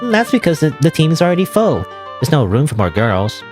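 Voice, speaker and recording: A man's voice: a little high, wildly swooping pitch, moderate pace, over music, voice pushed up. A man voicing a tomboyish teen schoolgirl with a nasal, whiny way of talking. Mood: protesting. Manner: whiny, protesting.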